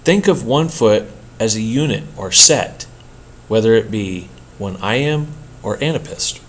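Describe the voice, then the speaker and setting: A man teaching a poetry workshop in a measured, explanatory lecture style, with an occasional slip. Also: on the low side, expressive, slight background noise. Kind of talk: scripted lecture narration.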